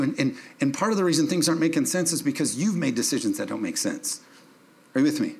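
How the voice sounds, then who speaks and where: A man's voice: on the high side, lively intonation, fast talker, creaky. A man, a pastor preaching a sermon to his church, moving from verse reading to emphatic, joking calls to the congregation.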